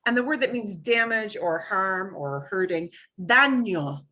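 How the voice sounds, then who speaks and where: A woman's voice: mid-range voice, animated, normal speed, a bit bright. A woman teaching a beginner Spanish class over a video call, patiently modeling words for students to repeat.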